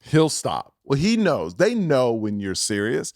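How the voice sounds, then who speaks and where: A man, a guest comedian, chatting casually about parenting and doing a high whiny voice when he mimics his kid. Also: huge pitch swings, a little slow, darkish tone, no room sound, studio quality. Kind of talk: casual chat.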